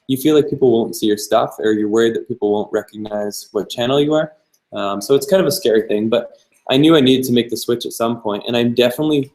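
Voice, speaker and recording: A man's voice: on the low side, darkish tone, rough recording. A young man hosting a live-stream Q&A, answering viewer questions in an easygoing way and thinking aloud as he goes. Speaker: travel vlogger host.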